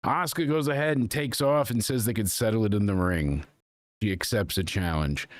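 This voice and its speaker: A man's voice: fairly low pitch, normal speed, no room sound, studio quality. A man hosting a casual wrestling recap podcast, talking in a rambling, conversational way with plenty of fillers. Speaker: podcast host.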